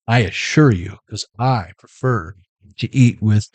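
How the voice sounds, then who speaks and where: A man's voice: mid-range voice, lively intonation, unhurried, darkish tone, no room sound. A young man riffing off the cuff, rambling and joking with plenty of swearing. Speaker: tarot reader and streamer.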